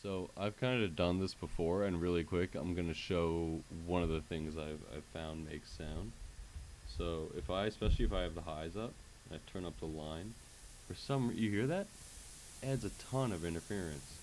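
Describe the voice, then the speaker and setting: A man's voice: deep voice, normal speed, darkish tone, a little hiss or hum. A man streaming live from his computer setup, walking viewers through fixing his microphone in a chatty, casual way that is full of fillers and check-ins with the audience. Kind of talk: casual livestream tech walkthrough. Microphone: USB microphone with headset monitoring.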